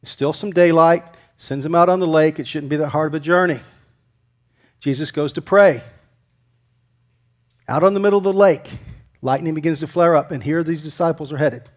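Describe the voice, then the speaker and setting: Male pastor, high voice, conversational sermon, loud emphasis then quiet asides. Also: moderate pace, long pauses. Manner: conversational preaching, asks the congregation questions; swings between loud emphatic lines and quiet near-whispers.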